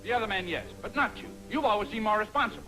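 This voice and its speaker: A flustered, scolding army major. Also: male voice, sits high, animated, rapid-fire, bright, forceful tone, soft background music, poor audio. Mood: exasperated. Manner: exasperated, scolding, easily rattled. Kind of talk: 1950s film comedy acting.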